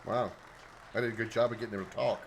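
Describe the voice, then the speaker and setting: A man's voice: on the low side, fairly even intonation, fast, vocal fry, some chatter behind, slight background noise, rough recording. A man streaming a video game live, rambling and joking with his chat in casual commentary. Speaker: livestreamer.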